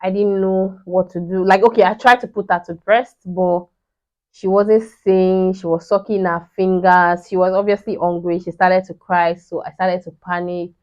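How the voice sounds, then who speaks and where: A woman's voice: on the low side, fairly even intonation, normal speed, a little mellow. A young woman, telling a personal story in a chatty vlog, full of "you know" and restarts. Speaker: vlogger. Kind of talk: casual storytelling. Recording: slightly dull lo-fi sound.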